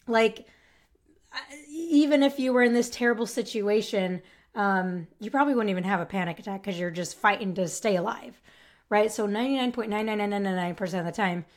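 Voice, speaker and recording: A woman talks through a solo podcast episode in a casual, earnest way. Her tone stays reassuring and she addresses the listener directly, often tossing in "right?" and "like". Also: medium pitch. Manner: frequent "right?" and "like" tags. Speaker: podcast host.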